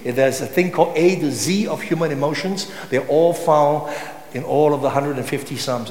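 A man preaching a sermon with passion, sometimes rising to loud cries. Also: fairly high pitch. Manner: impassioned, rising to shouts when voicing psalm cries. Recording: echoey hall with long reverb.

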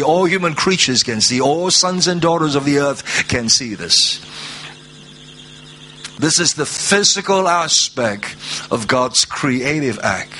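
Bright-voiced man preaching a sermon. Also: slight background noise. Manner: rises to high, drawn-out proclaiming; slow, measured scripture reading.

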